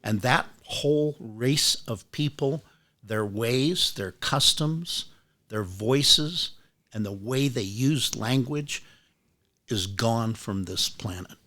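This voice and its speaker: This rare bookseller, an older man visiting a book club, speaks slowly in a pushed, bright mid-range voice. His casual storytelling meanders through anecdotes, with plenty of restarts and casual cursing.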